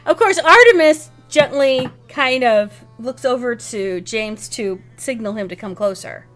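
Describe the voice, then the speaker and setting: Woman narrating as game master, lively. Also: fairly high pitch, unhurried, soft background music. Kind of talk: narrating a tabletop role-playing game.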